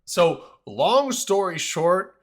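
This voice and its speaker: A man's voice: high voice, big pitch swings, extremely slow. A man hosting a casual panel discussion, talking in a hesitant, rambling way with many restarts.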